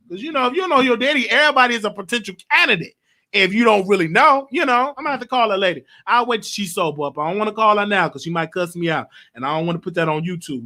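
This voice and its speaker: Bright high-voiced young man hosting gossip talk. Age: late 20s. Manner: emotional, rambling, animated. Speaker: show host. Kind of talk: casual gossip commentary.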